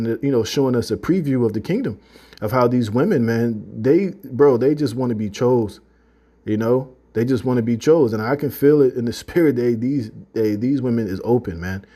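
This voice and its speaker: A man's voice: medium pitch, mellow. A man giving a loose, conversational religious testimony to his listeners, full of "you know" and "man". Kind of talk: casual spoken testimony.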